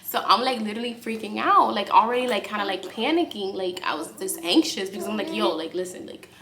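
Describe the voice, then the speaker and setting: A woman's voice: mid-range voice, fast talker. Chatty young woman telling a vlog story. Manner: animated, acts out quotes in a raised voice; speaks softly aside to her baby. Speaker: vlogger. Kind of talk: casual storytelling to camera.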